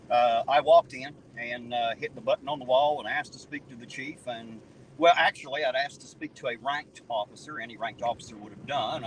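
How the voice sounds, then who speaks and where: Driving at night, this southern Ohio man, an auditor streaming live, banters with viewers in a folksy and foul-mouthed style with a slight twang from the area close to Kentucky and West Virginia. His mid-range voice is fairly bright, though the audio is poor with some hiss or hum.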